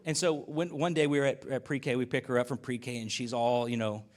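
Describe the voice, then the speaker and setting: A man's voice: medium pitch, steady tone, fairly quick, darkish tone. A man preaching a conversational sermon as pastor, telling stories in a casual, folksy way with asides and acted-out dialogue. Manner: uses y'all and folksy speech.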